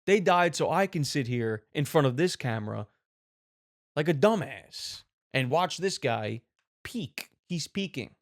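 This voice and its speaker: A man hosting a show, giving mock-serious, animated reaction commentary on videos and swearing casually. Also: fairly high pitch, a little slow. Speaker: host.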